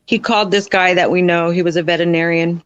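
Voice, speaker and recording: A woman's voice: fairly low pitch, steady tone, smooth, dry recording, lo-fi sound. A woman speaking as a podcast guest, frank and blunt, in a dry, close sound with no room around her. She talks in plain, unpolished sentences full of fillers. She jumps her voice up when she acts out other people's words. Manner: acts out others' lines in quick voice shifts. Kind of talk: candid personal storytelling.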